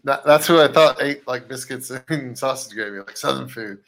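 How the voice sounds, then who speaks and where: A man's voice: mid-range voice, normal speed, gravelly, crowd noise. A man co-hosting a live podcast in casual chat, laid-back and joking, laughing often. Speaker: podcast co-host.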